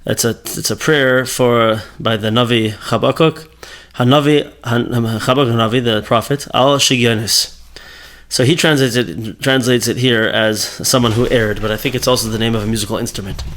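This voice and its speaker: A man's voice: medium pitch, fairly even intonation, normal speed, fairly bright tone. Man, Torah teacher, mid-range voice, casual conversational lesson delivery. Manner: conversational, thinking aloud with fillers and self-corrections.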